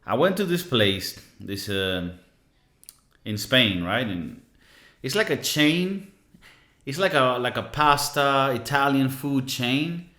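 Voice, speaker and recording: A young man rants on a casual podcast, swearing freely and slipping into mocking impressions of the people who annoy him. His voice sits in a middle pitch. The room around him rings with a noticeable echo. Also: slow pace. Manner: profane, animated venting with mocking impressions. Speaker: podcast co-host. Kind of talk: casual ranting monologue. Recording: echoey room.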